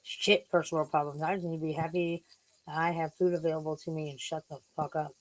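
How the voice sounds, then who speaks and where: A woman's voice: low voice, flat delivery, fairly quick, low-quality recording. A woman in her forties or fifties chatting casually on a livestream, swearing freely and laughing at herself. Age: 40s or 50s. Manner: chatty, swears a lot, scolds her cats fondly. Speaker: streamer.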